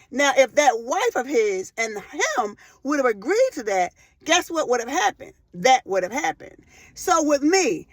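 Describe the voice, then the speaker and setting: A woman in her forties giving a faith-based motivational talk, emphatic and impassioned, repeating phrases for weight and breaking into loud emotional bursts. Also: fairly high pitch, no room sound. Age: 40s. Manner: rises to loud emotional outbursts. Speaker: motivational speaker.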